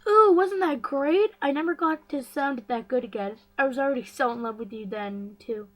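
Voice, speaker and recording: A woman's voice: fairly high pitch, fairly even intonation, measured pace. A woman voicing an obsessive, fawning young male fan. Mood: gushing. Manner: eager, fawning, creepy sweetness.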